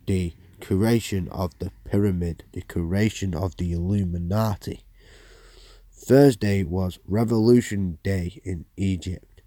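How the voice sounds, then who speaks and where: A man's voice: low-pitched, steady tone, takes it slowly, mellow, dry recording. A man hosting a podcast, reading news aloud with blunt, sweary, rambling asides. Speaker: podcast host.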